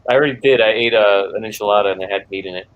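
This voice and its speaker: A man's voice: lowish voice, rapid-fire, lo-fi sound. A man on a casual group video call who cracks teasing, provocative jokes.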